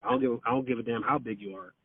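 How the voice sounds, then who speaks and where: A man's voice: mid-range voice, racing, slightly rough, no echo. A man in casual storytelling over the phone, swearing freely, using lots of fillers and acting out quotes. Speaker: podcast guest. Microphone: phone call. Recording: tinny dry phone line.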